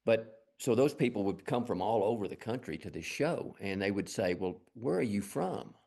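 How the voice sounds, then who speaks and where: A man's voice: fairly low pitch, animated, normal speed, gravelly, warm tone. A middle-aged man from Lubbock with a West Texas accent, telling folksy, rambling stories as an interview guest. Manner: rambling, folksy, self-deprecating. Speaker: guest artist. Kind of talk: casual storytelling interview.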